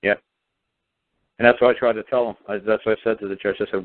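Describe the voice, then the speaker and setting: A man's voice: fairly low pitch, steady tone, fast, no echo. A man telling his story on talk radio, emphatic and intense, hammering points through repetition. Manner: emphatic, intense, repeats himself for force. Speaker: radio show guest speaker. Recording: tinny phone line.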